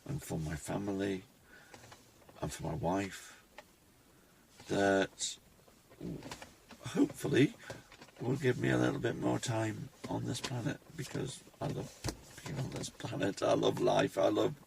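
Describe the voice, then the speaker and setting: A man records a rambling personal vlog on his phone. His low, heavily gravelly voice moves slowly through halting, restarting thoughts, with a faint hiss under it. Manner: reflective, halting, with many restarts. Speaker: vlogger. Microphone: phone camera.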